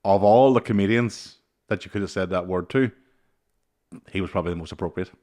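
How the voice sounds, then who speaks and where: Male comic host, low voice, loose sweary storyteller. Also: fairly quick. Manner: swears freely, animated anecdotes. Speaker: comedian podcast host. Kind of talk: casual storytelling chat.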